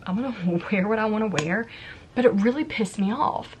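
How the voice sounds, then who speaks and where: Yard work can be heard outside as a woman in her thirties vlogs from home, telling a personal story in a chatty, confiding tone and often reenacting what she said. She speaks at medium pitch, a little fast, against a noisy background.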